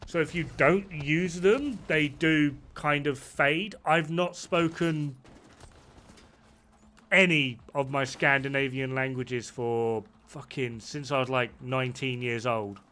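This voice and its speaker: A man's voice: medium pitch, fairly even intonation, slow pace, bright, forceful tone. A man streaming a game, chatting casually and rambling, swearing freely as he plays. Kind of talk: casual chat while gaming.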